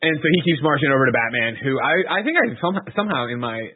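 A man's voice: mid-range voice, very animated, quick pace, breathy edge. A man co-hosting a podcast, rambling through a movie recap with laughs and swearing. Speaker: podcast co-host. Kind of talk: casual movie recap chat. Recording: tinny phone-like audio.

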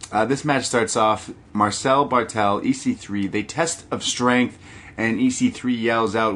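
Young man, podcast co-host, mid-pitched voice, casual wrestling recap, animated, breaks into impressions. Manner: animated storytelling with quick impressions, laughs often.

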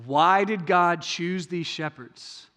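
A man preaching a sermon in a church, talking conversationally, asking many rhetorical questions and moving between hushed, intimate passages and raised, emphatic ones. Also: high-pitched, slow pace, in a large hall. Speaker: pastor. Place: church sanctuary.

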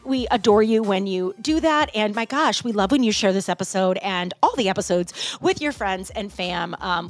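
A woman hosting a podcast in casual chat, bubbly and animated, swearing freely. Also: a little high, dry recording. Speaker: podcast host.

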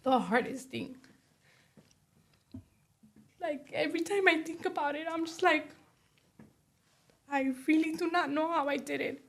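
A young woman speaking as an interview guest, giving a personal testimony in a soft voice full of "you know" and "like". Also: high-pitched, unhurried, pauses often. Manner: soft-spoken, many fillers like "you know" and "like".

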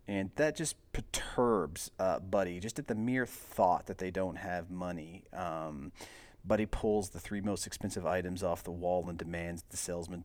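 A man hosting a podcast, casually recapping a movie scene by scene in a relaxed, rambling way, full of filler words. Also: deep voice, moderate pace. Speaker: podcast host.

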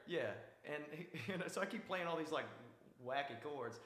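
A man's voice: fairly high pitch, normal speed, echoey room. A musician telling funny stories in a casual chat, laughing as he goes. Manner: laughs through his stories, animated. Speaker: musician guest. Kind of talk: casual storytelling.

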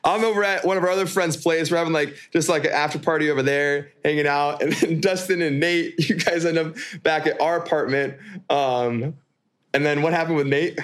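A man's voice: fairly high pitch, steady tone, a little fast, fairly bright tone. Laughing man co-hosting a podcast. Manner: laughs often, storytelling with restarts. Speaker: podcast co-host. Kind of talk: casual chat. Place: New York.

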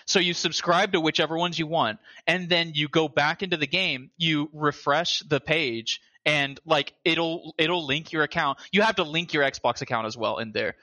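A man chatting casually about a video game, animated and swearing now and then. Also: a little high, normal speed, few pauses, dry recording. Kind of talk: casual gaming chat.

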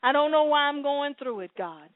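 A woman preaching a sermon and praying aloud, swinging between soft pleading and loud exclamations. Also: high voice, expressive, normal speed, dry recording. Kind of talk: sermon and prayer. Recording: dry, phone-like sound.

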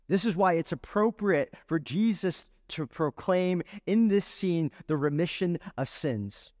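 Male pastor, sermon delivery, fairly high and dry up close with long hall reverb behind. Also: expressive, measured pace, few pauses, a little mellow. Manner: earnest, rhetorical questions, builds emphasis.

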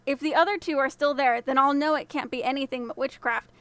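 A woman's voice: high voice, steady tone, brisk, a bit bright, no room sound. A woman doing a jumpy, superstitious farmer. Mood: alarmed. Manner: jumpy, exclaiming. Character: fretful superstitious male farmer with oxen.

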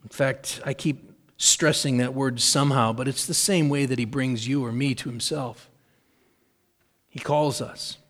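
A middle-aged man preaching a sermon in an earnest, measured way, repeating key phrases for emphasis. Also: medium pitch, fairly even intonation, a bit bright. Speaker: pastor.

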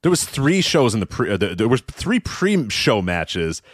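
A man co-hosting a wrestling podcast, talking casually in a quick, animated way. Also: fairly low pitch, slightly rough, no room sound, clean studio sound. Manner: quick, animated, laughs easily. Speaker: podcast co-host.

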